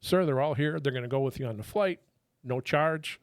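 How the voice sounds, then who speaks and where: With a mid-range, clean-toned voice and a brisk delivery, this middle-aged man, once a federal agent, spins casual, lively stories. He curses without restraint and acts out what others said in their own voices; the studio-quality audio has no room sound.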